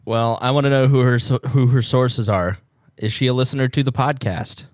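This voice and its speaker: A man's voice: medium pitch, steady tone, moderate pace, no room sound, studio quality. A man hosting a podcast, chatting casually and teasing his co-host before the show. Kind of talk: casual pre-show chat.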